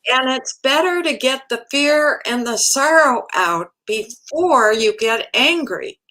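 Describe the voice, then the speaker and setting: A woman guest, a hospice chaplain, explaining things in a calm, measured, instructive way. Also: high voice, low-quality recording. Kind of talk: talk show interview.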